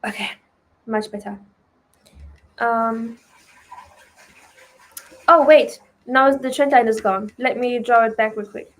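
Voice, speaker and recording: A woman's voice: on the high side, slow pace, pauses often. A woman with a German accent, a non-native speaker of English, chatting loosely as she teaches trading on a live stream, with many fillers and "right?" tags.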